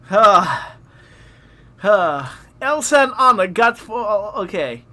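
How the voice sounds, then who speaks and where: A man reads his own old fanfiction aloud on a live stream, stumbling through the lines and groaning at them. His voice is high for a man and sharply bright. He is halting and self-mocking throughout. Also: big pitch swings.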